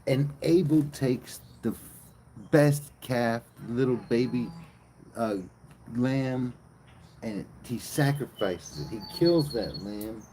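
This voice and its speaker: A man streaming live, retelling a bible story as comedy in a profane, slangy, animated way. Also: medium pitch, slight background noise, low-quality recording.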